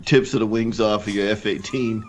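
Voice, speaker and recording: A man's voice: lowish voice, fairly even intonation, brisk. A man joining a casual livestream chat as a guest, joking and laughing as he swears casually.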